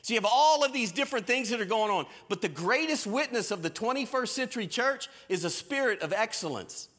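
A man preaching a sermon in a lively storytelling way, with folksy Southern phrasing. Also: extremely high pitch, brisk. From American South. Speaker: pastor. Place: church stage.

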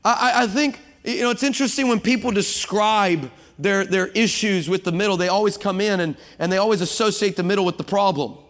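A man preaching a sermon to a congregation, lively and humorous, building up to shouting passages. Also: high-pitched, brisk, few pauses. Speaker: guest preacher. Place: church sanctuary with congregation. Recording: long hall reverb.

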